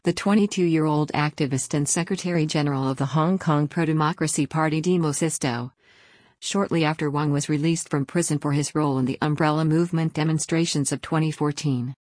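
A woman narrating a scripted news report in an even, formal read-out manner. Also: low voice, fairly quick, no room sound, studio quality.

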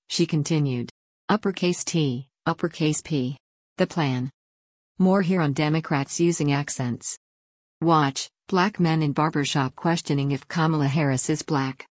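A woman reading a written news article aloud in an even newsreader delivery, taking the text literally. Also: low voice, measured pace, dry recording, studio quality. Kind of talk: scripted news read-out.

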